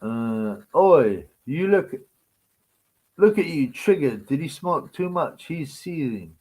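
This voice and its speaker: A man's voice: on the high side, expressive, slow pace, darkish tone, poor audio. A man hosting a live stream, ranting in a crude, mocking, rambling way. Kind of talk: casual live-stream rant.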